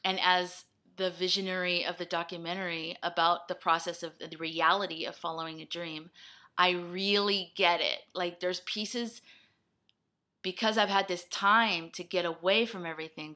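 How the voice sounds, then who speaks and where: A woman's voice: lowish voice, steady tone, normal speed, sharp tone. A young woman rambling through a personal video blog, self-deprecating and scattered, talking in sudden bursts. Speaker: vlogger.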